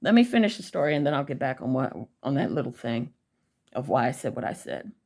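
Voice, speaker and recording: Her voice is bass and darkish here, with big pitch swings and a slightly fast delivery. The young vlogger speaks straight to viewers, recounting an angry personal story bluntly, heatedly and with plenty of profanity.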